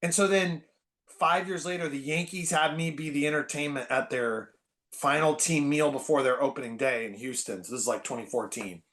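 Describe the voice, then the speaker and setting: A man in his forties talks as a guest in a casual podcast chat. His voice sits a bit high for a man. He tells his stories in a lively, tumbling way, with lots of fillers and self-corrections. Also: normal speed. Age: 40s. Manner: animated storyteller, many fillers and restarts.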